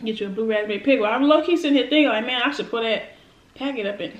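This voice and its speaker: High-voiced woman chatting through an eating show. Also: rapid-fire, echoey room, muffled recording. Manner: chatty, slangy, talks to viewers while eating. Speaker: food vlogger. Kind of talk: casual eating-show chat.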